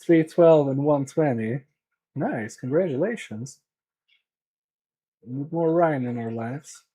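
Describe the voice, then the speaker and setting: A man's voice: medium pitch, takes it slowly, warm tone, a little hiss or hum, rough recording. A man from Sweden chatting casually with his live chat while repairing electronics, often muttering to himself as he works.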